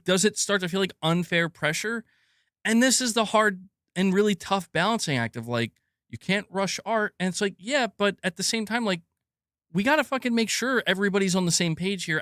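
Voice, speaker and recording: A man's voice: high voice, a bit bright, no room sound, studio quality. A man hosting a gaming news show, ranting casually with lots of swearing and restarts, laughing and mocking people as he goes. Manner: profane, rambling, laughs often, mocking voices. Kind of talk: casual opinion rant.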